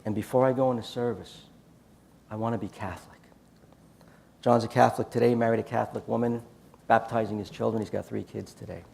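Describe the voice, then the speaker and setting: A man's voice: fairly low pitch, fairly even intonation, brisk, gravelly, long pauses, dark tone, breathy edge. A man giving a storytelling talk at a church conference, acting out quoted dialogue in his anecdotes. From United States.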